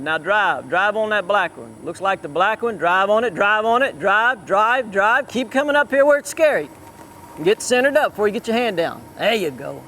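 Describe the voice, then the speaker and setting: A man's voice: high voice, fairly bright tone, a little hiss or hum. A man working as a cutting horse trainer, coaching a rider live in an outdoor arena and calling out short, repeated commands.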